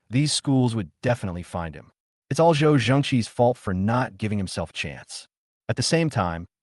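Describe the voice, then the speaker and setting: A man narrating a comic story recap in a steady storytelling manner. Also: lowish voice, no room sound, clean studio sound.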